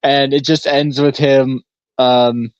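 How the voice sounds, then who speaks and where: Male podcast co-host, loose rambling storyteller, mid-pitched, dull dry recording. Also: level tone, takes it slowly, no echo. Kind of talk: casual chat.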